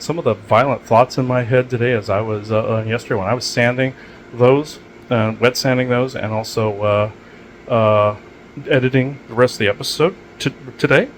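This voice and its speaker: A man's voice: medium pitch, a little hiss or hum, poor audio. A man hosting his own show, talking alone at home in a loose, meandering way full of restarts and asides. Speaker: podcast host. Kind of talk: rambling solo monologue.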